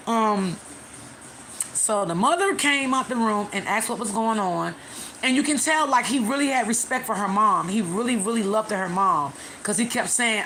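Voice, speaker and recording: A woman hosting a casual live stream, retelling a story to her viewers in a chatty way with many pauses and fillers. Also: mid-range voice, sharp tone, slight background noise.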